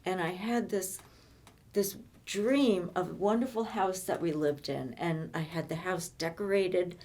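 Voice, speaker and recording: An older woman telling her own life story in conversation, halting and often repeating words as she restarts. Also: lowish voice, a little mellow. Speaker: interviewee.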